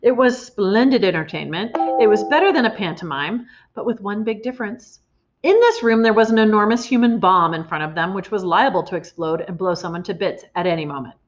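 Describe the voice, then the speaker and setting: A woman reading a children's storybook aloud in an expressive way, in a slightly muffled recording. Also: medium pitch, a little fast. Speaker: reader.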